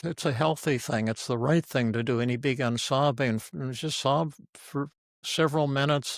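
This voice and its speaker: A man's voice: mid-range voice, no echo, studio quality. An older man, a psychiatrist and teacher, giving an informal teaching talk full of stories, speaking bluntly and frankly.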